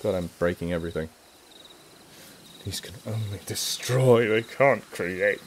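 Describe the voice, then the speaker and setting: A man's voice: lowish voice, a little slow, a little hiss or hum, close to an everyday voice. A man putting on a folksy Southern drawl. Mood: playful. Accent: put-on American Southern. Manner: playful, self-mocking, chatty. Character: folksy Southern good-old-boy man, jokey. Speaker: livestream host. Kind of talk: casual live-stream chat.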